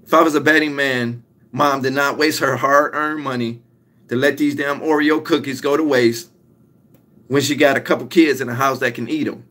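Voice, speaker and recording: A man's voice: mid-range voice, fairly even intonation, moderate pace, a bit bright. A young man giving a motivational talk, emphatic and repetitive, stretching out his key lines. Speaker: motivational speaker.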